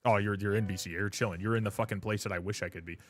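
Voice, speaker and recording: Man, low voice, casual streamer banter, swearing, laughing, faint music behind. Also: fairly even intonation, rapid-fire. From Canada. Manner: loose and chatty, swears freely, laughs often, calls people dude and brother. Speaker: live streamer. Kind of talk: casual live-stream chat.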